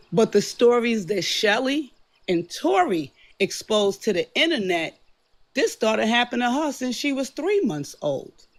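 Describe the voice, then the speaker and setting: A woman in her fifties calling into a livestream, speaking in a slow, emphatic, lecturing way. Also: fairly high pitch. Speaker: caller. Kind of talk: earnest livestream commentary.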